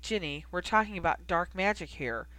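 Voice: mid-range voice, animated, normal speed, pushed and bright, dry recording. A reader voicing a blunt, protective young man who grumbles and snaps, in an audiobook reading. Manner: grumbling, short-tempered.

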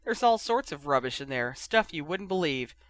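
A man reading aloud who voices Charlie, a teasing, quick-tempered young man, in a storybook reading. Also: a little high, sing-song, fairly bright tone, dry recording. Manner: teasing, chortling.

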